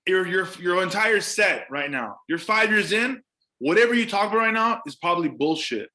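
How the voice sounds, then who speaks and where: A man's voice: high-pitched, animated, normal speed, pushed and bright. A man, a stand-up comedian, chatting casually on a podcast, emphatic and profane, repeating words for stress.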